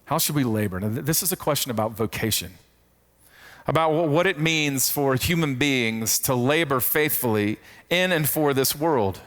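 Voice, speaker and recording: A man's voice: mid-range voice, lively intonation, normal speed, a bit bright. Man teaching with stumbling restarts. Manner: repeats key phrases for emphasis, frequent stumbling restarts. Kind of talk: teaching talk on faith and work.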